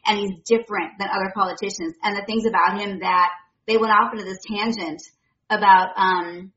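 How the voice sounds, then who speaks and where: A woman's voice: mid-range voice, steady tone, fairly quick, fairly bright tone, reverberant, lo-fi sound. A woman who is a guest on a political talk show, speaking enthusiastically with many fillers.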